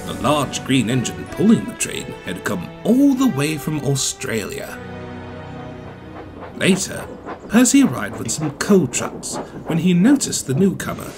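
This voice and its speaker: A narrator telling a children's railway story in a steady, measured way. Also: medium pitch. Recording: music playing underneath.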